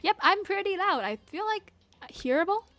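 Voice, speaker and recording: A woman's voice: extremely high pitch, expressive, normal speed, fairly bright tone. A woman hosting her own livestream, chatting casually into a desktop microphone in a bubbly, playful, rambling way. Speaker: livestream host. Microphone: desktop streaming microphone.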